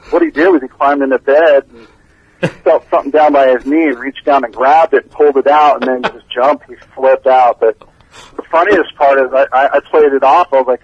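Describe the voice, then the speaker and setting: A man giving a casual interview as a band's bassist, telling stories with a laid-back manner and frequent laughs. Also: brisk, slightly rough, no room sound. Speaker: band bassist, interview guest. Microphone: phone line. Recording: dull lo-fi phone call.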